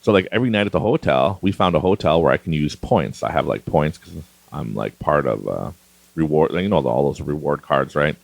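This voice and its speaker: Low, gravelly-voiced chatty man. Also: lively intonation, brisk, dry recording. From Canada. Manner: rambling, chatty, laughs often. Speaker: podcast host. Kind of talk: casual monologue.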